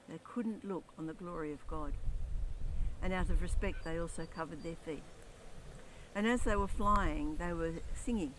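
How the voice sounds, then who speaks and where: A man preaches with earnest conviction, his voice sitting a little high for a man. He reads scripture aloud and builds emphasis as he goes. A steady hiss of noise runs under the recording. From Australia. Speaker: lay preacher. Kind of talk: sermon. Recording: noisy background.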